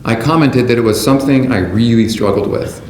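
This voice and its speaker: A man delivering a prepared, measured keynote speech to a conference audience in a large hall. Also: mid-range voice, a little mellow. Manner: measured, deliberate delivery from a script. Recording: roomy hall sound with faint background noise.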